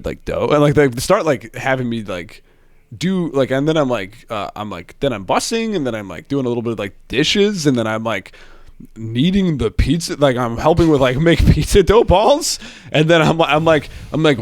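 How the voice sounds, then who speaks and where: A man's voice: medium pitch, dry recording, clean studio sound. A young man telling a work story in casual chat, rambling with lots of fillers and restarts. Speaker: podcast host.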